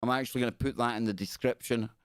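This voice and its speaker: A man's voice: mid-range voice, fairly even intonation, fast, clear, resonant tone, dry recording. Scottish guy rambling on his live radio show, reads stories out with side jokes, dry close sound. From Scotland. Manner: rambling, chatty, reads news stories aloud with asides. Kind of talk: live call-in radio chat.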